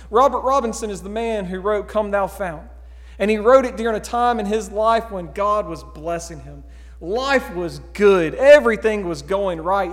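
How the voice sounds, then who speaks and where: A man preaching a sermon as pastor, earnest and pleading, dropping to a hush and rising to emphatic calls. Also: high voice. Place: church sanctuary. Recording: long hall reverb.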